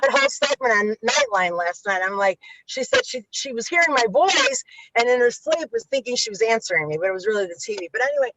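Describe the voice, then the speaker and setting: A woman's voice: fairly high pitch, sing-song, fast, heavy background noise. A middle-aged woman telling stories in an interview, swearing freely and acting out the voices of people she quotes. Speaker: guest, violence interrupter. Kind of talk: animated storytelling interview.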